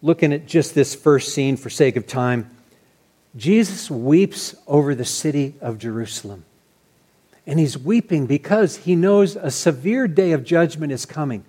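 A man preaching a sermon as pastor, earnest and animated, sometimes restarting his phrases. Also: on the high side, measured pace, husky.

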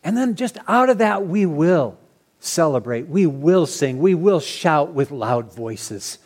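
A man preaching a sermon as pastor, earnest and animated, sometimes restarting his phrases. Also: a little high, takes it slowly, husky.

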